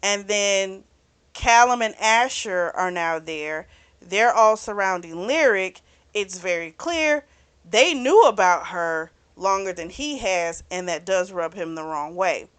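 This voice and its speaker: A woman's voice: medium pitch, takes it slowly, a bit bright, smooth, no room sound. A woman host casually recapping a novel for a book club, talking in a chatty way and filling her retelling with "you know" and "he's like.".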